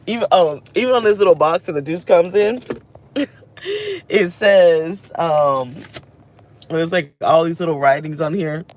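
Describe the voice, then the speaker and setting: A woman in her thirties with a lowish, expressive voice speaks at a measured pace, pausing often. Sitting in a car, this vlogger delivers an emotional personal rant to camera, venting and reflecting in a rambling, self-reflective way.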